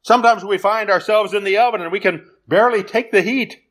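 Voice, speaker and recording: A man preaching a sermon in an earnest, measured way. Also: sits high, a bit bright. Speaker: pastor.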